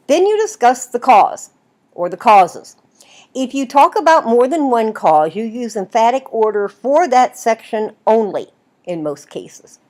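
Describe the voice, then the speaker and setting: A woman teaching a writing class in a recorded video lecture, explaining at length and checking in with "right?" as she goes. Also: mid-range voice. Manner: lively, explanatory, asks "right?" often. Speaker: writing instructor.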